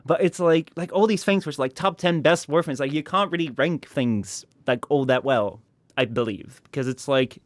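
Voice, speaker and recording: A man chatting casually as a podcast guest, rambling with many fillers and restarts and slipping into high mock voices. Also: normal speed, dry recording, studio quality.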